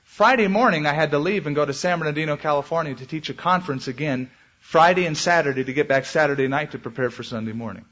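A man preaching a sermon as pastor, with animated delivery and dramatic swings in pitch. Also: fast talker, dull audio.

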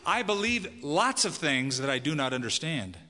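A man's voice: fairly high pitch, sing-song, normal speed, pushed and bright. A man preaching a sermon to a congregation as pastor, emphatic and asking the listeners questions. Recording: long hall reverb.

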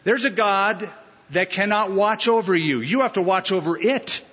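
A man preaching a sermon as a pastor, animated, with mocking asides and acted quotes. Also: high-pitched, moderate pace, breathy edge. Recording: long-reverb hall, dull lo-fi sound.

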